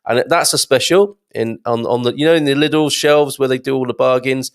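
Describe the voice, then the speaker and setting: Hosting a casual live stream, a man with a mid-range voice and fairly even intonation works through viewer comments at a normal speed. He rambles, often saying "um" and starting over.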